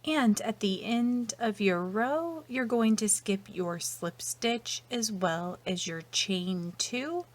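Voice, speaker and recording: A woman walks through a crochet pattern step by step, speaking at an unhurried, deliberate pace. Her voice sits at an ordinary middle pitch, and her delivery is patient and methodical, often fading softly at the ends of lines. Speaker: crochet instructor. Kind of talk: step-by-step tutorial narration.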